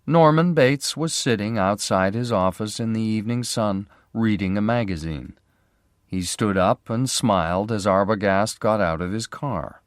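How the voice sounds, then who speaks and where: A man narrating a graded reader story in a clear, measured way. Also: fairly low pitch, dry recording, studio quality. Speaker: audiobook narrator.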